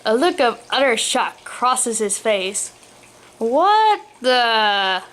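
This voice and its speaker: A woman's voice: fairly high pitch, takes it slowly, fairly bright tone. A woman narrating a funny storybook aloud, with the odd slip while reading. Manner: reads aloud, occasional slips. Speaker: story reader.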